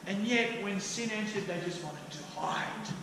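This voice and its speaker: A man preaching a sermon as pastor, animated and acting out quoted voices loudly. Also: high-pitched, measured pace. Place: church hall. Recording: echoey church hall with faint noise.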